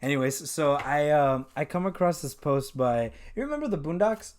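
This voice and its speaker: A man's voice: on the high side, expressive, normal speed, darkish tone. Young man telling a story, casual and profane. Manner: laid-back storytelling, profane, lots of fillers. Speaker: podcast host. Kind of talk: casual chat.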